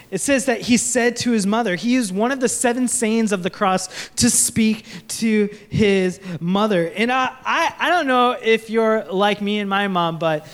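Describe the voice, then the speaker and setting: A young man preaching a sermon in an earnest, conversational way, often restarting his sentences and asking the audience questions. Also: high-pitched. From Sri Lanka. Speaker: pastor.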